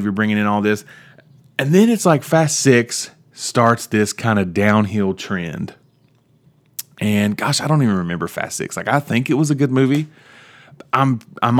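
A young man with a lowish voice hosts his own podcast, talking alone in a loose, meandering way. He restarts sentences often and warms up into animated, opinionated bursts. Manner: rambling, self-interrupting, animated about movies. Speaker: podcast host. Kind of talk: casual solo monologue.

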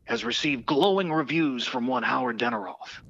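A man doing an impression of a veteran male sportscaster, speaking in a deliberate play-by-play cadence. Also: medium pitch, a bit bright, no echo, dull audio. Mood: jovial.

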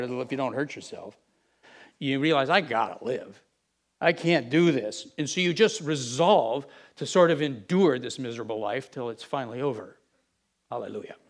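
A man's voice: mid-range voice, creaky. A middle-aged man, a pastor, telling a candid confessional story in a sermon.

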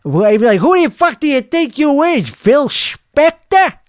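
Man doing a hoarse, cocky crude singer. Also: high voice, expressive, unhurried, a little mellow, dry recording, studio quality. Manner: rambling, profane, cocky riffing. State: hoarse from singing. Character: crude, boastful male singer, self-absorbed and rambling. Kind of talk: comedic character monologue.

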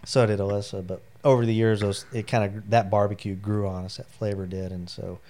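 A man's voice: on the low side, level tone, fairly quick, dark tone, a little hiss or hum. A middle-aged man, a military veteran, telling personal stories as an interview guest in a rambling, heartfelt way with many fillers. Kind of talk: personal storytelling in a long interview.

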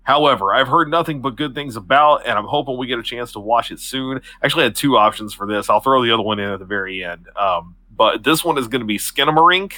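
A man co-hosting a casual podcast, excitable and cursing as he talks. His voice is bright and forceful, and it is recorded dry and close with no room sound. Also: mid-range voice, fast, hardly any pauses, no echo. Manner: excitable, curses often. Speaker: podcast co-host.

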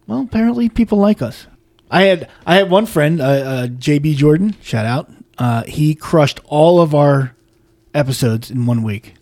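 A man's voice: on the high side, expressive, normal speed, darkish tone. A man co-hosting a casual podcast, opinionated and ranting, reading out listener messages. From US East Coast. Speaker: podcast co-host.

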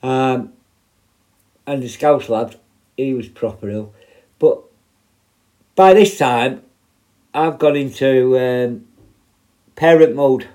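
A man recalls his years as a prison officer in loose, rambling talk, swearing freely as he goes. His voice sits at an ordinary middle pitch with a dark, mellow tone. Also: slow, pauses often. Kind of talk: casual spoken storytelling.

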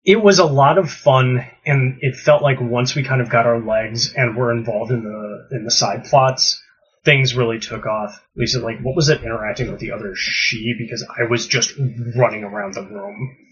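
A man's voice: mid-range voice, normal speed, fairly bright tone, slightly rough. A man in casual chat, recapping a live-action game with enthusiasm. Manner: enthusiastic, gushing. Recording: dull lo-fi recording.

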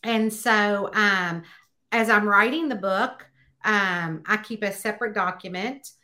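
A woman author chatting in a podcast interview, telling stories and acting out bits of dialogue with high, excited exclamations. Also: measured pace. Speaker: guest author.

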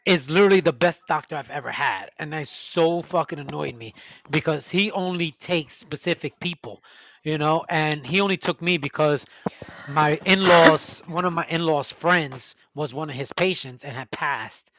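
A man's voice: a little high, normal speed, a bit bright, no room sound. A man, telling a long, profane, ranting story in a casual chat.

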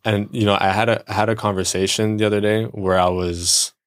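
A man with a fairly low voice co-hosts a casual podcast. He talks things through thoughtfully and leans on everyday examples to make his point. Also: level tone, brisk, clear, resonant tone. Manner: reflective, explains with examples. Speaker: podcast co-host. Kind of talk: casual chat.

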